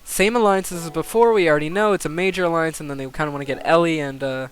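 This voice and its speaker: Hyped young guy streaming a sim game, highish voice, swears a lot, soft music underneath. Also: fast. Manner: excitable, swears, laughs, thinks aloud. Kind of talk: live-stream commentary on a game simulation.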